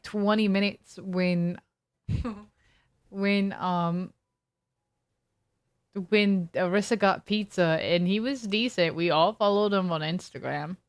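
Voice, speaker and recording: With a clear, resonant, mid-range voice, a young woman streams a game and talks casually to her viewers. Her long story rambles, full of fillers and restarts, and the sound is clean studio quality with no echo.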